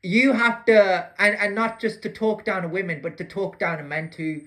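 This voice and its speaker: Bright-voiced man ranting to camera. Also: high voice, fairly even intonation, moderate pace. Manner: agitated, rambling, stumbles over words; swears often, with slangy asides like "bro". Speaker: vlogger.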